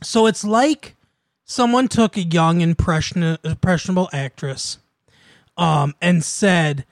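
High-voiced man in casual chat. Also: slow, vocal fry, no room sound. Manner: laid-back, swears and laughs often.

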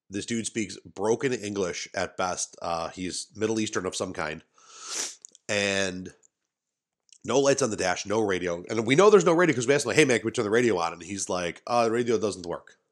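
Low-voiced rambling storyteller man. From Western New York. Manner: rambling, many restarts and asides. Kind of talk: casual storytelling. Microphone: studio mic, adjusted mid-talk.

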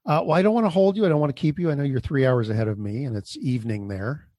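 A man hosting a podcast in a loose, chatty way, wandering through his sentences with fillers. His voice sits at an ordinary pitch. The sound is dry and close, with no room around it. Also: very fast, dark tone, no room sound. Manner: chatty, rambling, with fillers and restarts. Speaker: podcast host. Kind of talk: casual interview chat and show outro.

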